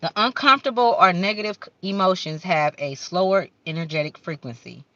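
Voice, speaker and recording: A woman's voice: on the low side, a little fast, sharp tone, dry recording, lo-fi sound. A woman doing a casual spiritual card-reading vlog, talking fervently in slang, swearing at times and stumbling as she reads the card text aloud. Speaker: card reader.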